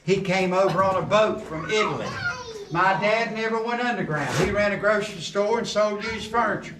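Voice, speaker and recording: A middle-aged man gives a guided tour talk down a coal mine tunnel, cracking jokes and telling stories in a folksy style. His voice sits high and moves a little fast, with a crowd behind him. Expect roomy echo, background noise, and a distant camera.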